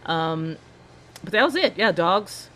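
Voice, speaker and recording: A woman's voice: on the low side, animated, slow pace, a bit bright, a little hiss or hum. A woman co-hosting a podcast in casual chat, making joking, wry asides. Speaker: podcast co-host.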